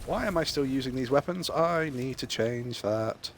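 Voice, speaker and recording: A man's voice: mid-range voice, lively intonation, normal speed, slight background noise. Rambling British man telling a joke. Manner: rambling, many fillers and restarts. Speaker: gaming streamer. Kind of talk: casual chat, telling a long joke.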